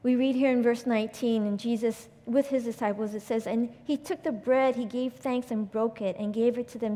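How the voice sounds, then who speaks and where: Woman giving a sermon, kinda high voice, long hall echo, earnest storytelling. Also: steady tone, normal speed, few pauses, warm tone. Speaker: preacher.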